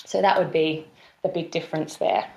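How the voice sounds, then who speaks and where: A woman with a softened Australian accent, a communications trainer and stage actor, explaining her ideas articulately in a podcast interview. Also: sits low, normal speed, vocal fry, highs cut off. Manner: articulate, expressive, fluent explainer. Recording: roomy echo.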